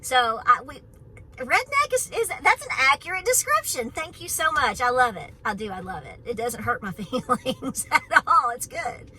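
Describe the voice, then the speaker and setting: Bright, chatty East Tennessee woman. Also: high voice, big pitch swings, normal speed, rough recording. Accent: East Tennessee Southern. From Knoxville, Tennessee, USA. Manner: chatty, folksy and outspoken. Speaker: homestead channel host. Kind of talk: casual vlog chat to camera. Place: on her farm, about to go for a run.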